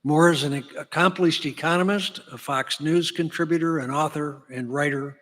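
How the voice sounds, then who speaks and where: A man's voice: on the high side, moderate pace, a bit bright. A man acting as emcee, formally reading out a speaker's introduction at an event. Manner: formal, read-aloud listing. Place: large banquet hall. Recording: reverberant hall PA.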